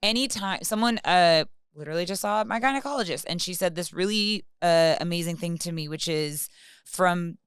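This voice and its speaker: A woman's voice: fairly low pitch, normal speed, smooth, no room sound, studio quality. A young woman talking frankly and with passion on a casual podcast, swearing freely. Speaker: podcast co-host or guest.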